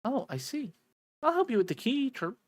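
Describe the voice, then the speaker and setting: A woman's voice: fairly high pitch, big pitch swings, moderate pace, no echo, pitched above the performer's own voice. A woman voicing a timid little talking bird that repeats itself and chirps between phrases. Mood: chirpy, nervous.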